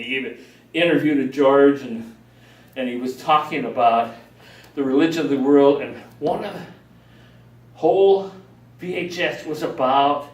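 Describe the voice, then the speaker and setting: An older man telling a personal story in a rambling, animated way, acting out the voices of people he quotes. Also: mid-range voice. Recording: roomy, distant mic.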